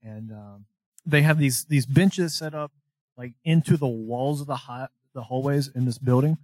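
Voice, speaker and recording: A man's voice: medium pitch, normal speed, darkish tone, dry recording. A young man co-hosting a podcast, telling a long story in casual chat, rambling, swearing and laughing as he goes. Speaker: podcast co-host.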